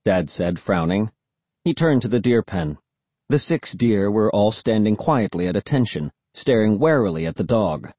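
A man reading an audiobook in expressive first-person narration. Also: fairly low pitch, normal speed, no room sound. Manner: expressive storytelling.

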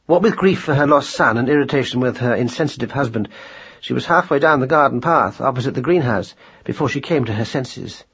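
A man narrating a storybook in a measured, gently wry telling. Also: mid-range voice, husky, dull audio. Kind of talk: audiobook narration.

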